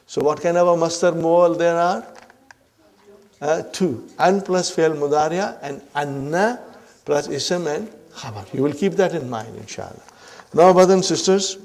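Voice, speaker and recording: A man lectures on Arabic grammar at an unhurried pace, his voice pitched somewhat high. He repeats each point and keeps asking whether the class is following. He addresses the listeners as brothers and sisters. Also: a little mellow. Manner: repeats points, checks in often with "huh?" and "are you with me".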